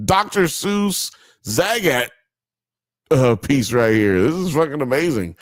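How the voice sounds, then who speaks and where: A man's voice: mid-range voice, slow pace, no echo. A man hosting a live stream, reading chat comments aloud in a casual, joking way with frequent laughter and swearing. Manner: animated, laughing, mock accents, swearing.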